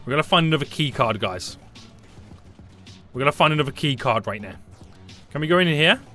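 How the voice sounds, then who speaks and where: Excitable gamer guy freaking out over a game, bright lively voice, pitch jumping all over, faint game music behind. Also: fairly quick. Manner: panicky, excitable, repeats phrases. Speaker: gaming YouTuber. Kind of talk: live gameplay commentary.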